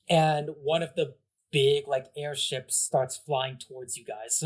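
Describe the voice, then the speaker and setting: A man's voice: mid-range voice, steady tone, slow. A man narrating a tabletop game as game master, rambling with many fillers and laughs.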